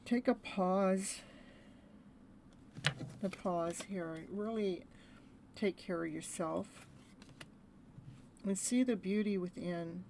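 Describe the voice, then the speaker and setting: A woman's voice: mid-range voice, takes it slowly, long pauses, very noisy. A woman giving a live tarot reading, chatty and laughing often as she talks. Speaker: tarot reader.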